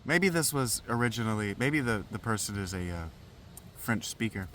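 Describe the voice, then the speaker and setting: A man's voice: fairly low pitch, lively intonation, normal speed, a bit bright, no room sound. A man hosting a podcast, breaking off a reading for wry, chatty asides with fillers. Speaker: podcast host reading a play. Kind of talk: casual aside while reading.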